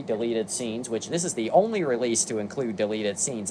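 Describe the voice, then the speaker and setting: A man's voice: mid-range voice, moderate pace, few pauses, warm tone, a little hiss or hum. A young man giving casual review commentary, reading long lists with dry, exasperated asides. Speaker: video commentator.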